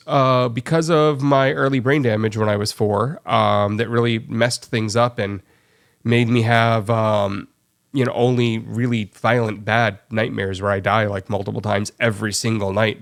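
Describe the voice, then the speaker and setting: A man's voice: lowish voice, little pitch movement, normal speed, gravelly. A man hosting a live stream, talking in a loose, rambling way with plenty of fillers. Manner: rambling storyteller with many fillers. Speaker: stream host. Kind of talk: casual chat.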